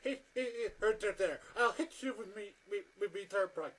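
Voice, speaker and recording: Brief: crude old Irish woman, shrill and loud, with an Irish accent, as a man puts her on. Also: moderate pace. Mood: mocking. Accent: Irish, put on. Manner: shrill mocking impression.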